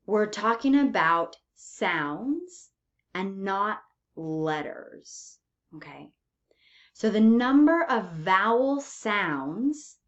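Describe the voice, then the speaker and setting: A woman's voice: medium pitch, muffled recording. A woman teaching an English pronunciation lesson, patiently checking in with "okay?" and "right?" after each point.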